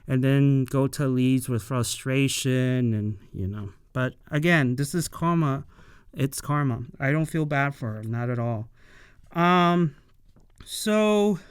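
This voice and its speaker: An unhurried reviewer recaps a show episode in a loose, filler-laden chat, with a clean, resonant voice recorded dry and close. The delivery is blunt and opinionated. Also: medium pitch, clean tone, dry recording. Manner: rambling, filler-heavy, opinionated. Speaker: anime and tokusatsu episode reviewer. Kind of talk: casual episode recap and commentary.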